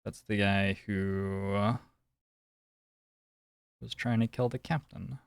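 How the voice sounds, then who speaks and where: A man streaming a detective game, musing slowly and thinking aloud as he works through each scene. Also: on the low side, fairly even intonation, vocal fry, clear, resonant tone, dry recording, studio quality. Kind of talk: casual let's-play commentary.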